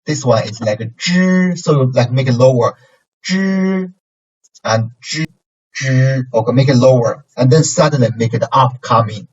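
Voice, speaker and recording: A man's voice: medium pitch, brisk, hardly any pauses, darkish tone, husky. A man with a Chinese accent teaching pronunciation, patiently repeating syllables with exaggerated tones. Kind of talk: pronunciation lesson. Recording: distant, dull lo-fi mic.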